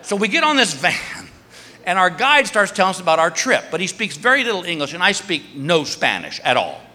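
A middle-aged man doing stand-up, telling a story in an animated way and acting out other people's voices. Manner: animated, acts out other voices with big pitch jumps. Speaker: stand-up comedian. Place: stage in a large hall. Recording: live hall recording with faint room ambience.

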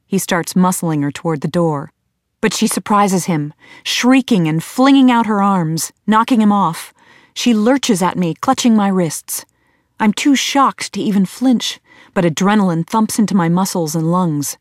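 A woman reading a first-person audiobook in a measured, tense storytelling manner. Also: mid-range voice, lively intonation, dry recording, clean studio sound. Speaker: audiobook narrator.

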